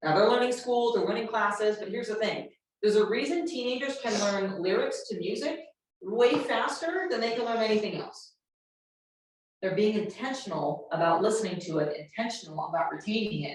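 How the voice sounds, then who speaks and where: A woman's voice: mid-range voice, lively intonation, moderate pace. A woman presenting an earnest workshop talk to educators, repeating phrases for emphasis. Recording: echoey room, voice from far off the mic.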